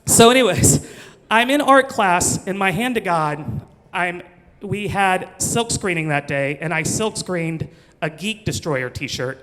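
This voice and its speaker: A man's voice: fairly high pitch, a bit bright. A man in his forties from Missouri, telling a comic personal story with chatty, self-mocking asides and laughter. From Missouri, USA. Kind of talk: live comedic storytelling. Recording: long hall reverb.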